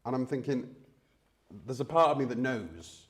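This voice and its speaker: A man's voice: medium pitch, animated, moderate pace. A man guest on a livestream, telling a rambling anecdote and quoting himself. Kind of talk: casual chat.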